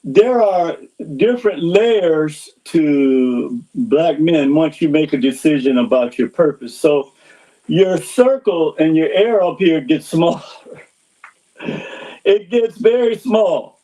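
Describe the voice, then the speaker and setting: A man's voice: fairly high pitch, lively intonation, takes it slowly, dark tone, low-quality recording. Laughing man in casual podcast talk. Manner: agreeable, laughs often, restarts. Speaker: podcast guest, fundraiser. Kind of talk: casual conversation.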